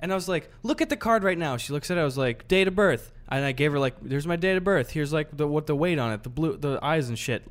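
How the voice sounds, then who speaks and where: Young male podcast co-host, lively pitch, slightly high, casual storyteller who swears and acts out dialogue. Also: quick pace, few pauses. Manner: animated, swears freely, acts out both sides of the story.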